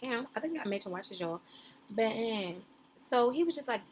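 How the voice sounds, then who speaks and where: A woman's voice: on the high side, expressive, normal speed, slight background noise. A woman giving casual, playful reaction commentary on a reality show, talking straight to her viewers in a slangy, chatty way. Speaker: reaction streamer.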